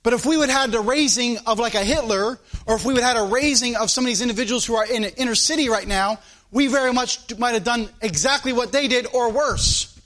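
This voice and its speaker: A man with a notably high-pitched voice preaches an emphatic sermon. He drives his points home with rhetorical questions and repeats phrases for weight. He is an American preacher addressing his congregation. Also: brisk, a bit bright.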